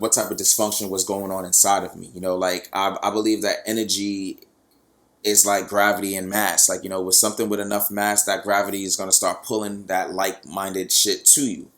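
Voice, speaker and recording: A man's voice: on the low side, a bit bright. A young man hosting a podcast, telling a personal story in a frank, casual way, with lots of fillers and some swearing. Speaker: podcast host.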